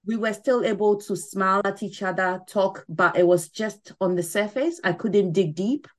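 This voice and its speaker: A middle-aged woman speaks at normal speed with a medium-pitched voice. As a podcast guest and mental wellness ambassador, she earnestly explains things in a casual interview, often tossing in "you know."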